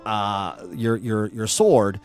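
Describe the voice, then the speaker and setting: A man co-hosting a casual chat, relaxed and rambling, laughing easily as he explains things. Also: fairly low pitch, takes it slowly, faint music behind. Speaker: podcast co-host.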